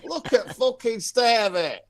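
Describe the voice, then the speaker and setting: Man, comic rant, sweary, exasperated, lively pitch, video call. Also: a little slow, a crowd in the background. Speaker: comedian guest.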